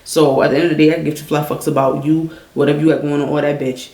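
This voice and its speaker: A woman angrily venting a story on a livestream, talking loud, blunt and full of profanity. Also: sits low, little pitch movement, rapid-fire, reverberant.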